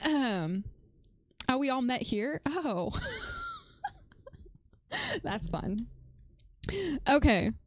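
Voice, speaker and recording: Chatty woman streamer, bright voice. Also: high voice, expressive, drawn-out words, pauses often, no room sound, studio quality. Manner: chatty and playful, many fillers and restarts. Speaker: livestreamer reviewing a research paper. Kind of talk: casual live-stream explainer, chatting with viewers.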